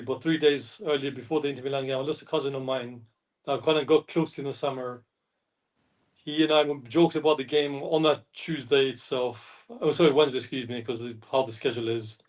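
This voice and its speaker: A man chatting as a fan panelist, rambling, often correcting himself and apologising. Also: on the high side. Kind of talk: casual chat. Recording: distant mic.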